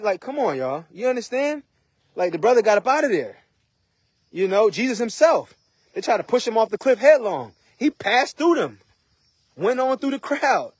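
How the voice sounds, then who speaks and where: A man's voice: high voice, big pitch swings, normal speed, slightly rough, no echo, clean studio sound. A man preaching an informal sermon in a conversational way, often asking "right?" and "you know". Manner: conversational, repeats rhetorical questions.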